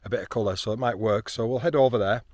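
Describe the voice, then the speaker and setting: A man, chatting excitedly outdoors on a hilltop, with frequent ums. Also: fairly low pitch, quick pace, no echo. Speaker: landscape photographer. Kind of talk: casual vlog narration while hiking.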